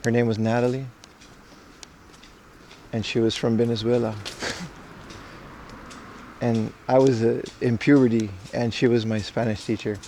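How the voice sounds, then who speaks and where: A man's voice: mid-range voice, little pitch movement, a little slow, long pauses, warm tone. Man from the Caribbean, thirties, casual livestream chat, rambling, joking, walking outside, faint street noise. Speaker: IRL livestreamer. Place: outdoors walking through streets. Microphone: camera rig carried while walking.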